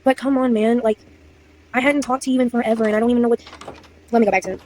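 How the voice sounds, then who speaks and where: A woman's voice: fairly high pitch, fairly even intonation, fast talker, darkish tone, low-quality recording. A young woman telling a casual storytime at home, rambling, apologizing and losing her place. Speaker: vlogger. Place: indoors at home.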